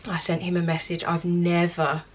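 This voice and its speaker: Young birmingham woman chatting to her camera at home, low-ish voice, bit self-deprecating. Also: completely flat delivery, normal speed. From England. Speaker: vlogger. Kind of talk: casual chat to camera. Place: indoors at home. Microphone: camera mic.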